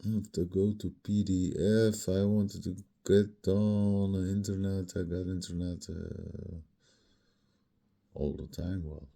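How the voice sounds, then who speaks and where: A man's voice: low voice, gravelly, warm tone. A man in his fifties with a sore throat, rambling in a meandering personal monologue that drifts into mutters and whispers. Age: 50s. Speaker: vlogger.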